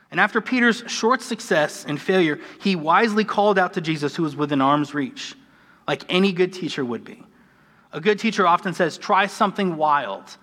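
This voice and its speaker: A man's voice: sits high, a bit bright. An American man preaching a conversational, earnest sermon, with a self-deprecating manner. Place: church sanctuary. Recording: church hall with long reverb.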